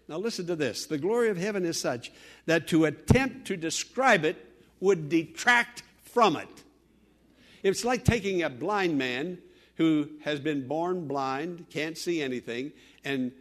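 A man from Western Pennsylvania preaches a radio sermon with a somewhat high-pitched voice. He tells personal stories earnestly, swinging from loud exhortation to hushed, quiet tones. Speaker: pastor.

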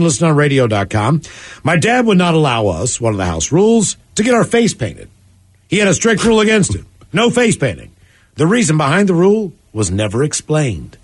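A man hosting a comedy radio show, reading listener emails in a casual, jokey way. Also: high-pitched. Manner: animated, jokey, shouts and sings now and then.

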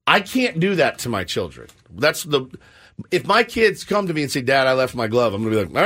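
A man's voice: fairly high pitch, moderate pace, slightly rough. A middle-aged man hosting a show, telling a story in a self-mocking way and slipping into the voices of the people in it. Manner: animated, self-mocking, jumps into quoted voices. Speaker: radio show host. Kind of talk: casual storytelling banter.

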